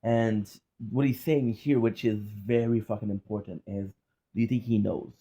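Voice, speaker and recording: A man's voice: lowish voice, fairly even intonation, normal speed, warm tone, slightly rough. A man hosting a reaction video, giving casual, candid, profane commentary with lots of restarts and fillers.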